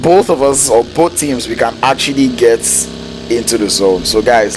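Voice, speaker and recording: A man casting a live esports match play-by-play, casual and joking with slang, rising to excited shouts when fights break out. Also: mid-range voice, normal speed, over music. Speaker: esports caster.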